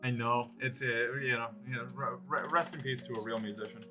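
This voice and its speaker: A man's voice: medium pitch, fairly even intonation, brisk, over music. A man streaming live, rambling sarcastically and swearing freely while chatting with his viewers. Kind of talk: casual livestream chat.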